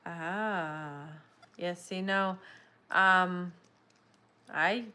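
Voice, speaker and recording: Woman streamer, lower voice, rambling and drowsy, casual crafting chat. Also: drawn-out words, sharp tone, smooth. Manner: chatty, rambling, apologetic. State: yawning, sleepy. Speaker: crochet livestream host. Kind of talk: casual livestream chat while crocheting.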